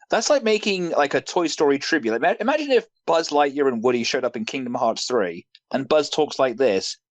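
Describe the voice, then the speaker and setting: Animated sweary man ranting casually. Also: medium pitch, normal speed, no room sound. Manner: animated, sweary, mocking impressions. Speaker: reviewer hosting a group discussion. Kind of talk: casual ranting review chat.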